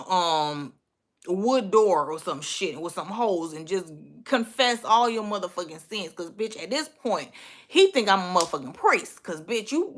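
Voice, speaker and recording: A woman hosting a livestream, telling a story in an animated, profane, exasperated way. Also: medium pitch. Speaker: livestream host.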